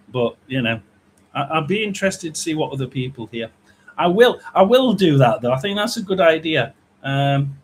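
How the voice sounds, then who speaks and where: A middle-aged man talks loosely and casually to his livestream viewers, rambling from one thought to the next. His voice sits a little high for a man. A faint hum runs behind him. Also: poor audio. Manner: rambling, chatty, reads out viewer names. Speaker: psychic livestream host.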